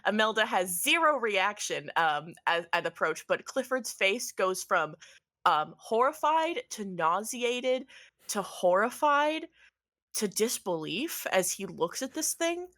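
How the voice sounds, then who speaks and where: A woman's voice: medium pitch, very animated, slow, a bit bright. A woman narrating as game master of a tabletop game, with fillers and frequent giggles.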